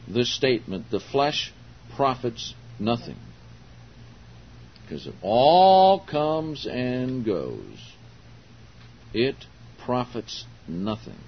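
A man preaching a sermon verse by verse, slow and emphatic, rising loud on quoted verses. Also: mid-range voice, husky, highs cut off. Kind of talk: sermon, verse-by-verse Bible teaching.

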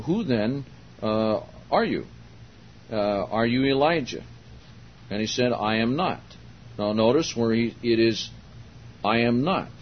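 Slow-spoken older man preaching. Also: medium pitch. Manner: slow, deliberate, emphatic on key words, with asides to the congregation. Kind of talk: sermon, Bible teaching. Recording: dull lo-fi sermon recording with faint hiss.

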